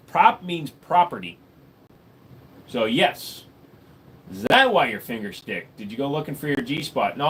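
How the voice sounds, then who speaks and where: With a medium-pitched, somewhat bright voice and a touch of hiss or hum, this man chats casually with his stream viewers from a home room lined with guns. He answers chat in a crude, rambling way, joking as he goes.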